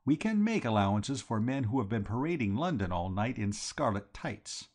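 A man hosting a podcast, reading a comic novel aloud with wry, animated storytelling. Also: mid-range voice, normal speed.

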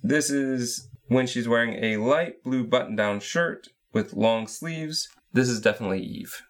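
A man's voice: mid-range voice, measured pace. A man co-hosting a casual podcast, methodically recapping the scenes of a game. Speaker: podcast co-host.

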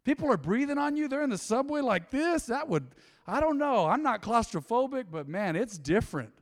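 A man pastor preaching a lively, joking sermon in a church. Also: very high-pitched, moderate pace. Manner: animated, joking, folksy. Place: church sanctuary. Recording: long hall reverb.

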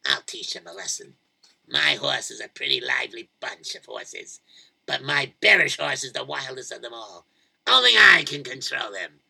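A man playing a lonely old man in a told story, cranky and bitter, his voice dropping to a gravelly low mutter before bursting into shouts. The tone is bright and hard-edged, with gruff, bellowing delivery. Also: lively intonation, moderate pace, heavily acted. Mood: furious.

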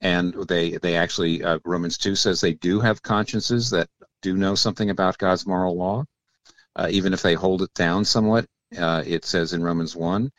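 Older guy, really deep voice, explaining theology slowly on a radio show, dry close sound. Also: fairly even intonation, dry recording. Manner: thoughtful, explanatory, with many restarts. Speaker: guest pastor and author.

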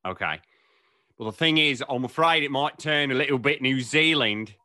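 A man's voice: mid-range voice, normal speed, bright, forceful tone. A man interviewing a guest in a playful, teasing way, laughing often. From United States. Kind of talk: casual interview.

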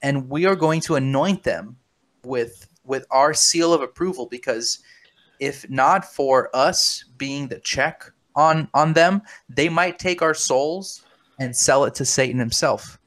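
A man's voice: mid-range voice, takes it slowly, fairly bright tone. A man hosting a comedy podcast, speaking with mock seriousness, conspiratorial and stumbling over repeated words. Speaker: podcast host. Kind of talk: comedic deadpan chat.

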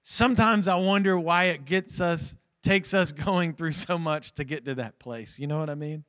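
A man with a fairly high, smooth voice preaches a sermon at a church service at a moderate pace. He begins with a hushed prayer, then builds to raised, pleading emphasis, repeating phrases to drive his points home.

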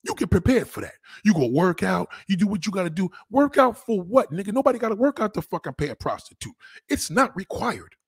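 Blunt, foul-mouthed male commentator; slightly high, husky voice. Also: expressive, fast, few pauses, dry recording, studio quality. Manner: blunt, crude and heated, addressing viewers directly. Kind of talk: profane relationship rant.

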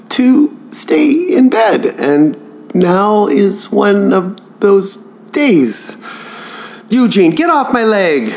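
A man's voice: high voice, vocal fry, darkish tone, voice pushed up, exaggerated voice, poor audio. A man impersonating a tearful, self-pitying female podcast host who talks in a wobbly, melodramatic way, as a comedy parody.

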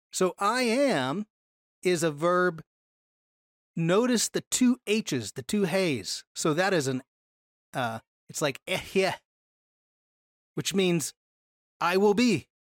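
A teacher giving a Bible study lecture to a class, explaining with animated emphasis on key words and frequent self-corrections. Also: medium pitch, no room sound, clean studio sound.

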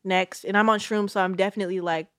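A woman's voice: medium pitch, fast, clean tone, dry recording, studio quality. A young woman in her twenties casually telling a long personal story and acting out the quotes. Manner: animated, acts out quotes. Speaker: guest.

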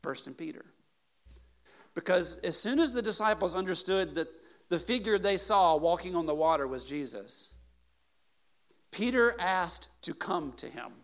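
A man's voice: sits high, measured pace, long pauses, soft background music. A man preaching a conversational sermon as a pastor, telling stories animatedly and checking in with the congregation with "right?" and "okay?". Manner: chatty, peppers points with "right?" and "okay?"; animated storyteller, builds to emphatic peaks.

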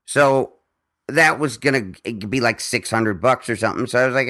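A man's voice: medium pitch, moderate pace, pushed and bright. A man hosting a podcast in casual chat, telling a rambling story with lots of restarts and swearing. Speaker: podcast host.

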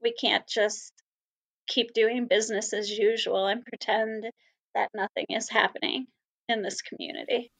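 A woman from the Salvation Army answering interview questions sincerely, with frequent pauses and ums. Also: fairly high pitch, flat delivery, gravelly, fairly bright tone, rough recording.

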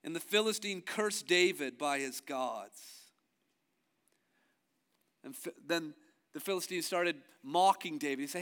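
A male pastor preaching a sermon who moves from low, slow emphasis to loud, rising passages. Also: big-room sound.

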